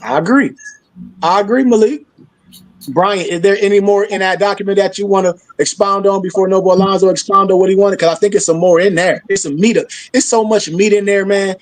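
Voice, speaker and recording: A man's voice: sits high, steady tone, fairly quick, no echo, low-quality recording. A man hosting a discussion, blunt and sarcastic in a preaching manner, from Michigan. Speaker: host. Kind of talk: heated discussion.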